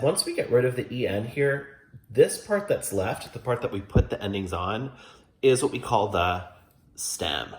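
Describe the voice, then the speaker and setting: A man teaching German grammar at a whiteboard, explaining step by step and patiently, with emphatic stress on key words. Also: mid-range voice. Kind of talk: classroom lesson explanation. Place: classroom at a whiteboard. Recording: roomy classroom echo.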